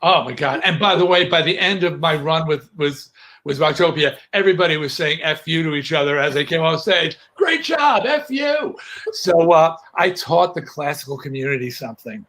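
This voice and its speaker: A middle-aged man chatting as a guest on a video call, telling lively stories with frequent restarts. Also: on the high side, fairly quick. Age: middle-aged or older. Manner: animated storyteller, frequent restarts. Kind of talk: casual chat.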